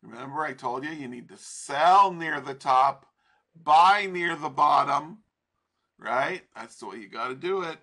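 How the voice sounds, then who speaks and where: A man's voice: a little high, a little slow, pushed and bright. A man teaching trading over a chart in a casual, profane, rambling way, laughing often. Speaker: trading instructor.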